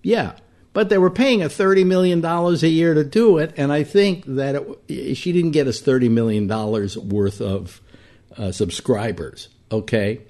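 A man's voice: fairly high pitch, moderate pace. An older man and longtime radio host, reminiscing casually about his career and quoting other people along the way. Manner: animated, quotes other people in brief voices.

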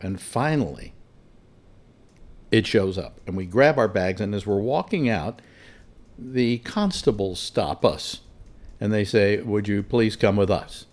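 A man telling a long personal anecdote in an animated, exasperated way, full of restarts. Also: fairly low pitch, takes it slowly. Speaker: storyteller. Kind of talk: casual anecdote told aloud.

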